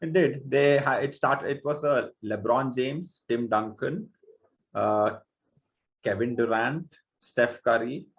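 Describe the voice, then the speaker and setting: A man's voice: mid-range voice, slow, lo-fi sound. Hesitant Indian podcast co-host man. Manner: hesitant, restarts often. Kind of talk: casual podcast chat.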